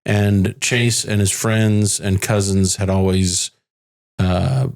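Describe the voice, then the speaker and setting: Low gravelly father telling his story. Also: level tone, a little mellow. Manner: halting, restarts often, quotes others' words. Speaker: bereaved father, podcast guest. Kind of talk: emotional personal storytelling. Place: home in the Phoenix area.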